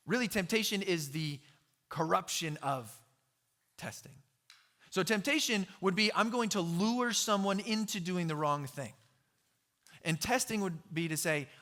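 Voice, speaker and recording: Male pastor, sermon delivery, slightly high, bright tone, chatty storyteller. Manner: conversational storytelling with laughs and asides.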